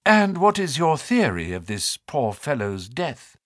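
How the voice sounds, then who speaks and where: A man voicing a jaunty, nervous male naturalist with fluttering, high-pitched exclamations in an audiobook reading. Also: sing-song, measured pace, dry recording, studio quality. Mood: polite.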